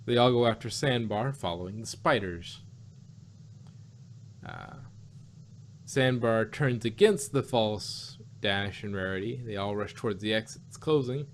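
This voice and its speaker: A man's voice: lowish voice, a little slow, slight background noise. A man hosting a casual podcast and recapping a cartoon episode, rambling along with lots of fillers and self-corrections.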